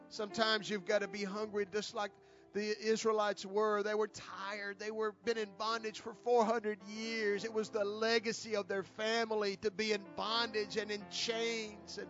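A man preaching an altar call sermon, repeating pleading invitations, swelling loud and then dropping soft. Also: high-pitched, level tone, normal speed, highs cut off, soft background music. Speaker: guest preacher.

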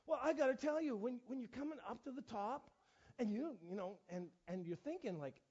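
Middle-aged male pastor with a high voice, telling stories in his sermon, animated and self-deprecating, on a dull lo-fi recording. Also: a little fast, slightly rough. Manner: animated, self-mocking, lots of restarts and fillers. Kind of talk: storytelling sermon.

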